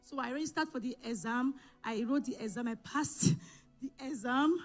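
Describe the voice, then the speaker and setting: A woman giving an emotional church testimony, telling her story in halting bursts full of restarts and self-corrections. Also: high-pitched, soft background music. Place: church service.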